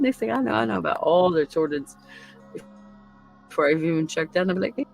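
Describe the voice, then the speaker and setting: Gravelly woman, crude laughing storyteller. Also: fairly low pitch, lively intonation, quick pace, long pauses, a little mellow, soft background music, poor audio. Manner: crude, laughing storyteller who acts out other people's lines. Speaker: podcast host. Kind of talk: casual chat.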